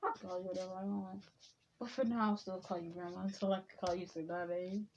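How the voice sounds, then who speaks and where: Woman doing a cocky young male ninja, boastful, offhand, mid pitch, dull lo-fi sound. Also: level tone, brisk, a little hiss or hum, lightly acted. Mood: teasing.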